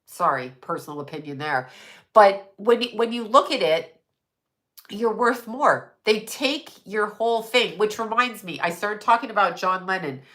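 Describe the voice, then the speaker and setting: Bright-voiced, rambling middle-aged woman. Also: mid-range voice, animated, a little slow. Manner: rambling, profane, laughs often. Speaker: livestream host. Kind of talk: casual livestream monologue.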